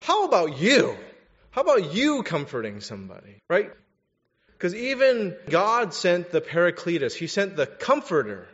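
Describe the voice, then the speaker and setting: Young guy preaching a sermon, kinda high voice, muffled lo-fi audio, tells stories candidly then gets direct. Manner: candid, animated storytelling; direct, exhorting. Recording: dull recording in a reverberant hall.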